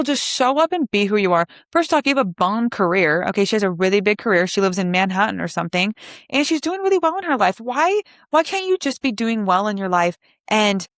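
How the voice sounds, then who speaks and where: A woman's voice: medium pitch, dry recording, clean studio sound. A young woman in her twenties hosting a podcast alone, chatting casually and animatedly with lots of likes and asides. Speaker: podcast host. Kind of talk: casual solo podcast chat.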